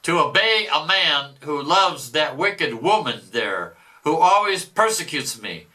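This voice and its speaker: Spiteful male devil, boastful and scornful, as read aloud by a man with a fairly high, very bright, sharp voice. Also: very animated, measured pace, exaggerated voice, rough recording. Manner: declaimed reading with mocking outbursts. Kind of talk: dramatic reading aloud.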